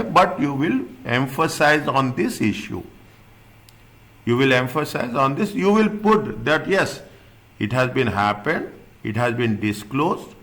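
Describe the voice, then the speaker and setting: A man's voice: a little high, fairly bright tone. A man tutoring an accounting class. He repeats his points, rephrases often and keeps checking that students follow. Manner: restarts and rephrases often, non-native phrasing. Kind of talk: classroom lecture.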